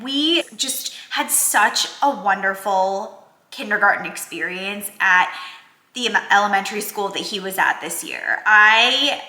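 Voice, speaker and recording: A woman's voice: mid-range voice, a little slow, pushed and bright. A woman in her thirties, a working mom vlogger, talking in a chatty, heartfelt way with lots of filler words. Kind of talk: casual vlog chat. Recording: echoey room.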